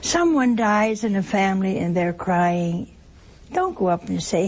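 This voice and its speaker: A woman's voice: mid-range voice, expressive, a little slow, darkish tone. An older woman preaching a sermon in a homespun, teasing way, asking rhetorical questions and acting out little everyday scenes. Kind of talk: sermon on works of mercy.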